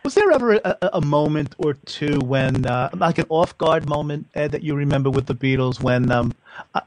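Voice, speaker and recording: A man's voice: on the high side, animated, moderate pace, dry recording, rough recording. A man hosting a radio interview, chatty and effusive with his guest. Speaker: radio show host. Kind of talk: interview chat.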